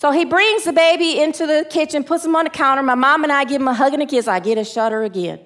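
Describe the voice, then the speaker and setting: A woman giving a personal testimony sermon, emotional, swinging from excited high lines to hushed low ones, and preaching to her listeners. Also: fast talker. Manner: preachy, asks audience to answer. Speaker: spiritual speaker.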